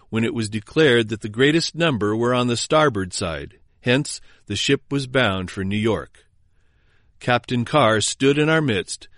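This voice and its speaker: A man narrating a historical memoir in a measured, formal reading. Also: medium pitch, dry recording, clean studio sound.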